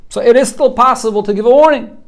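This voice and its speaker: A man's voice: very high voice, fast talker. A man, a rabbi, teaching a Talmud class, walking students through the text line by line in an earnest way, often repeating a word as he starts a thought.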